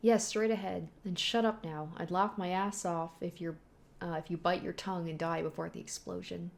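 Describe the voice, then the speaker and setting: A woman's voice: on the low side, fairly even intonation, moderate pace, gravelly. Woman reading a haughty witch. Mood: commanding. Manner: haughty, grand and commanding. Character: proud commanding female witch.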